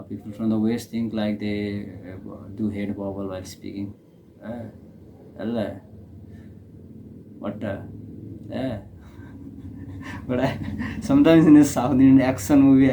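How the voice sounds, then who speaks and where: A man's voice: lowish voice, vocal fry, dark tone, a little hiss or hum, poor audio. A young man from Nepal with a Nepali accent, hosting a reaction video in casual, hesitant commentary full of fillers and restarts.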